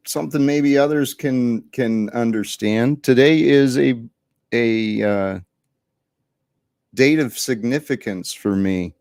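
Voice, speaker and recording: A man's voice: medium pitch, takes it slowly, darkish tone, no room sound, studio quality. A man hosting a live panel chat, talking in an earnest, reflective way and laughing easily.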